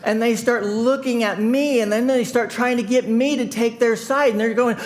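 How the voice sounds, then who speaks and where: Male pastor, Midwestern American accent, higher voice, animated storytelling sermon. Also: moderate pace, few pauses. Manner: animated storyteller, laughing, shouting in retold scenes. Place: church sanctuary.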